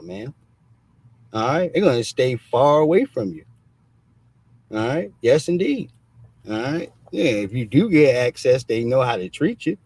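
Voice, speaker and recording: A livestream host speaks at medium pitch into a streaming mic with no echo. He offers blunt, casual remarks heavy with street slang and profanity, and "all right" comes up again and again.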